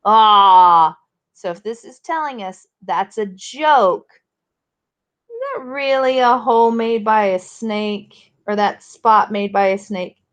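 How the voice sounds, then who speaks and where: A woman teacher leading an online reading lesson for young children, sounding out letters clearly and praising her readers. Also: a little high, slow pace. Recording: dull lo-fi recording.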